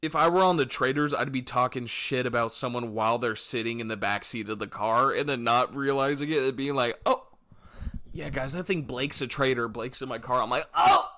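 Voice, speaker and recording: Bright-voiced young man, rambling comic monologue. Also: a little fast, hardly any pauses. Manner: rambling, self-mocking, acts out scenes in yelpy high voices. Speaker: podcast host. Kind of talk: solo comedic podcast monologue.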